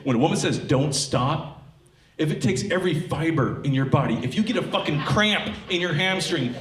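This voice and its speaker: A man's voice: fairly high pitch, normal speed, slight background noise. A stand-up comedian in his thirties from Tacoma, telling stories on a theatre stage and acting out the voices of the people in them. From Tacoma, Washington. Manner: animated storytelling, acting out quoted voices. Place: theatre stage with live audience. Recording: echoey theatre with audience laughter.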